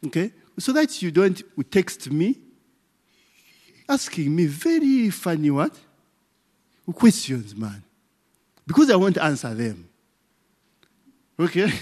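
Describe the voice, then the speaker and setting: Slow, teasing pastor. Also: male voice, on the high side. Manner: teasing, rhetorical "what?" questions, frequent "eh?" and "okay?" tags. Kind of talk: interactive sermon. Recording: long reverb of a hall.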